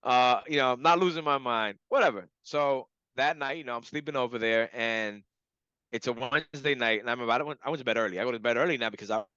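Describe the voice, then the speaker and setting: Bright-voiced man telling a story. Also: medium pitch, quick pace, dry recording, lo-fi sound. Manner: animated, laughing, acts out quoted voices. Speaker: hypnotherapy client. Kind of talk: casual storytelling testimonial.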